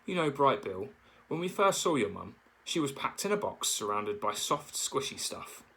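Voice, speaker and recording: A man's voice: medium pitch, sing-song, normal speed, sharp tone, voice pushed up. A man voicing a chatty, friendly female otter telling a story.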